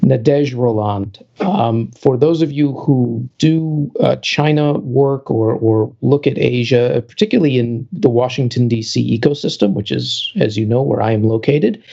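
Man, podcast co-host, husky, mellow tone, rambling restarts, muffled lo-fi audio. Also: medium pitch. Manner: talkative, halting restarts. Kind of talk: casual podcast chat.

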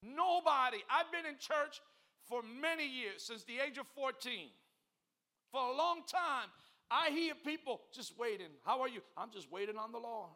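A middle-aged man preaching a sermon as pastor, calling on the congregation and swinging from quiet talk to loud shouting. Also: very high-pitched, expressive, a little slow. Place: church.

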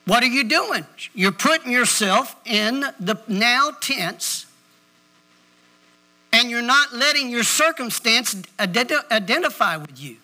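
A man's voice: very high voice, lively intonation, measured pace, sharp tone. A male pastor, preaching an emphatic sermon straight at his congregation. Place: church.

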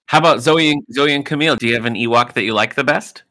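Bright-voiced dad co-hosting a podcast. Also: male voice, mid-range voice, fast talker. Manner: chatty, laid-back, asks his son questions. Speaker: podcast co-host. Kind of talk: casual podcast chat.

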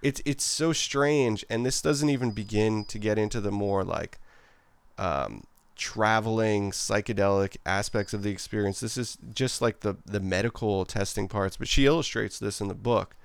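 A man's voice: lowish voice, moderate pace, vocal fry, clear, resonant tone, no room sound. A man co-hosting a casual podcast conversation, rambling and leaning heavily on "like" and "um" as he talks. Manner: rambling, heavy on "like" and "um" fillers.

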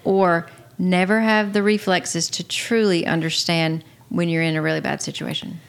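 A woman in her forties chats casually with her husband, her voice sitting low and carrying a gravelly edge. She speaks softly and in a low-key way, playing a question game as co-host. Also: fairly even intonation, normal speed. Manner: soft-spoken, low-key. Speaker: podcast co-host. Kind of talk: casual couples chat.

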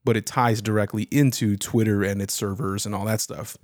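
Man, podcast co-host, low pitch, dry close sound, casual rambling explanations. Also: steady tone, brisk, a little mellow, no echo. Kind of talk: casual chat.

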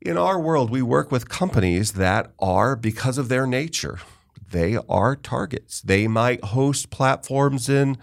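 A man's voice: mid-range voice, animated, measured pace, creaky. A middle-aged man hosting a podcast interview, telling a long story in casual chat and often stopping himself mid-sentence to correct or restart. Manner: rambling storyteller, self-interrupting. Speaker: podcast host.

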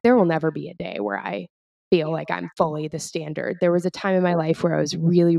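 Low-voiced woman with gravelly edge. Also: dry recording, studio quality. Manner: reflective, candid, soft-spoken. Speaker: podcast co-host. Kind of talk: casual chat.

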